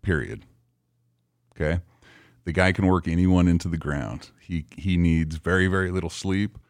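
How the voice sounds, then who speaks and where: A middle-aged man with an extremely deep voice hosts a podcast, speaking in a measured, unhurried way with frequent ums. The sound is dry and close, with no room echo. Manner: measured, rambling, full of fillers. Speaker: podcast host. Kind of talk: casual podcast interview.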